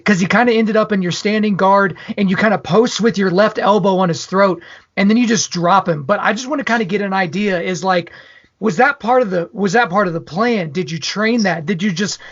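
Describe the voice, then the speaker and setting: High-voiced enthusiastic male podcast host. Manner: enthusiastic, asks long, detailed questions. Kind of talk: casual interview. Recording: slightly dull podcast audio.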